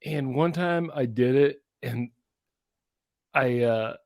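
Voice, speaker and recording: A man in his forties, co-hosting a podcast in casual chat, telling animated stories and acting out shouted quotes. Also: mid-range voice, slow, creaky, no echo, clean studio sound. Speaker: podcast co-host.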